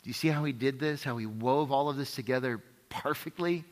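A man's voice: mid-range voice, a little fast. A man preaching a sermon in a conversational way, often checking in with "right?" and driving points home through repetition. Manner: emphatic repetition. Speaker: pastor. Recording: reverberant hall.

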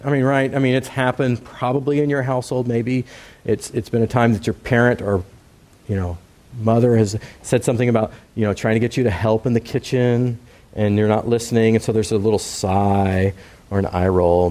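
A male preacher with a mid-range voice gives a relaxed, conversational sermon. He asks his listeners questions and talks to them in a direct, casual way. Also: mid-range voice, a little fast.

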